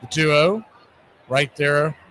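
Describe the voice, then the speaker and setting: A man with a high, bright voice calls baseball play-by-play like an old radio broadcast. He gets excitable and shouts the big plays with playful catchphrases, over a faint hum of noise behind him. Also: slow pace, a faint crowd. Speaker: play-by-play announcer.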